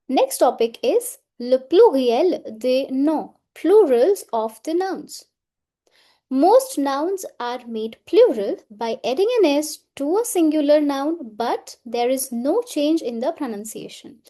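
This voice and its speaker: Patient female teacher, high and mellow voice, unhurried, repeats vocabulary and translates it. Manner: patient, repeats each word then translates it. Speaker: French teacher. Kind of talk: beginner language lesson.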